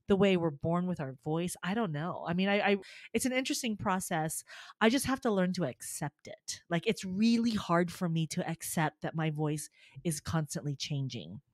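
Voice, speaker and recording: A middle-aged woman tells stories in a casual chat, laughing often and acting out what people said. Her pitch sits mid-range for a woman. The sound is dry and close, with no room echo. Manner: lively storyteller, laughs often, acts out dialogue. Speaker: soprano and voice teacher.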